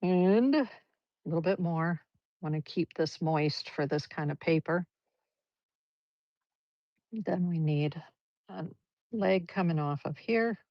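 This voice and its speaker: This is a woman giving a live painting lesson, her low voice carrying a gravelly edge. She chats and encourages as she explains every stroke. The livestream audio sounds dull and lo-fi, dry with no room echo. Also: takes it slowly, long pauses. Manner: chatty, encouraging, talks through each brushstroke. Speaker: art teacher.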